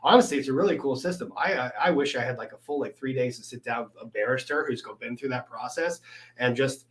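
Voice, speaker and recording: A man's voice: medium pitch, fast. A man hosting a casual livestream chat over drinks with a fellow lawyer, talking easily and turning to speak to his viewers. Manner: chatty, addresses the live chat directly. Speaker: host, lawyer livestreaming with a guest.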